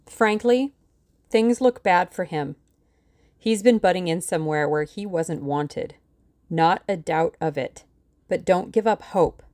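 A woman voicing a shrewd older male lawyer who speaks in a calm, dry, authoritative way. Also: on the low side, a little slow, no room sound, lightly acted. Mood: measured.

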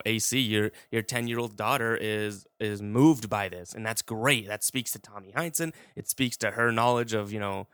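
A man hosting a podcast talks in a rambling, heartfelt monologue with many fillers. His voice is fairly low, with a fairly bright, clear, resonant tone, recorded at studio quality with no echo.

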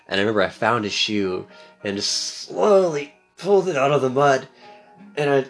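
A young man co-hosting a casual chat, telling a long story in a relaxed, rambling way and acting out the quotes. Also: mid-range voice, moderate pace, faint music behind. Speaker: podcast co-host.

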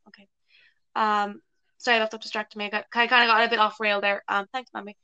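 A woman's voice: medium pitch, flat delivery, fast, bright, forceful tone, smooth, no echo. An Irish woman hosting a podcast in casual, chatty interview talk, swearing and laughing easily. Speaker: podcast host. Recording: muffled lo-fi home audio.

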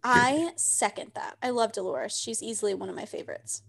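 Woman co-host, high voice, easygoing reactions in casual chat. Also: a little fast, vocal fry, a bit bright. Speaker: podcast co-host. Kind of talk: casual reality-TV recap chat.

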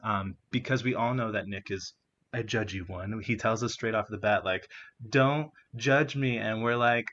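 A man's voice: fairly low pitch, fairly even intonation, normal speed, fairly bright tone, muffled recording. A young man casually discussing a novel, chatty with many fillers, sometimes acting out quotes. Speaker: discussion partner.

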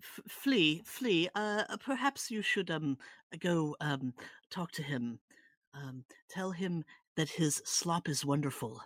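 A tabletop player voicing a prim, overly proper man who speaks in a hushed, halting way, hesitating over his words. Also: mid-range voice, expressive, no echo. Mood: urging.

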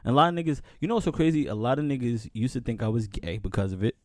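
A man's voice: medium pitch, expressive, rapid-fire, darkish tone, no room sound, clean studio sound. A young man telling stories on a casual podcast, often saying "man, listen" as he gets going. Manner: storytelling, repeats "man, listen" and "you know what's so crazy". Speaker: podcast co-host. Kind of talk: casual chat.

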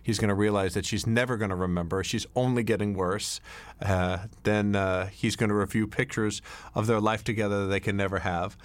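Middle-aged man, very low voice, rambling director's commentary with lots of uhs and restarts. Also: steady tone, a little fast, no echo. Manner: rambling, anecdotal, many fillers and restarts. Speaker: film director. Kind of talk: DVD commentary.

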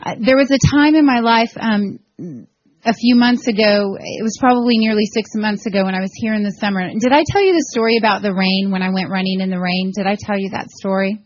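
A woman from Florida in her forties, giving a heartfelt personal testimony to a church group, her voice swinging between soft, tearful and excited. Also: medium pitch, brisk, dull audio. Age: 40s. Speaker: guest speaker.

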